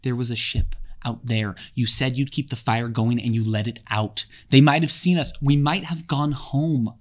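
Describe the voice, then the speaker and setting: A man voicing a desperate, frustrated boy leader near tears, pleading and yelling. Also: mid-range voice, moderate pace, close to an everyday voice.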